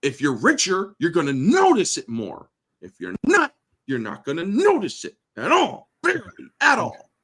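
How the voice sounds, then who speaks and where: A man hosting his own show, ranting bluntly and swearing at nearly every turn. His voice sits a little higher than most men's and swings widely in pitch as he works himself up, with a sarcastic edge throughout. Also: huge pitch swings, moderate pace, fairly bright tone, husky. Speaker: host. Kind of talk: profane political rant.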